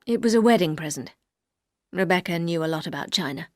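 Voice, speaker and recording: A woman lowering her voice into a brooding older husband. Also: animated, a little mellow, dry recording, clean studio sound, close to an everyday voice. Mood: somber. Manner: curt, low and measured.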